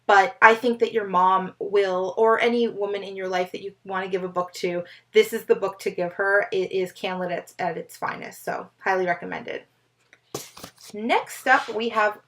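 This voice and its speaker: A woman's voice: mid-range voice, fairly bright tone. A woman recommending books in a casual, enthusiastic vlog, often stumbling over names. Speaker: book vlogger.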